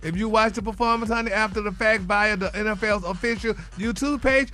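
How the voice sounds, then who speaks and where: A man doing a sassy, over-the-top gossip figure for a radio comedy bit. The voice sits high and sounds bright and sharp. He drawls honey and y'all through every line as he dishes. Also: fairly even intonation, brisk. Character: flamboyant gossiping man who dishes celebrity tea. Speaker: celebrity gossip segment regular.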